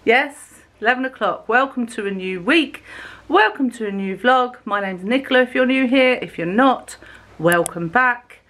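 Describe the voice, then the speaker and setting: A woman vlogging to her camera at home in a casual, chatty way, unhurried and with frequent fillers. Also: fairly high pitch, animated, a bit bright. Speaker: family vlogger. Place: at home and outdoors on a windy, sunny day.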